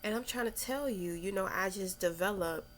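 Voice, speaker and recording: A young adult woman vlogging candidly about her spiritual struggles, talking in a slow, meandering way with many fillers and restarts, and audibly emotional. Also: mid-range voice, fairly bright tone, a little hiss or hum. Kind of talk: candid personal reflection.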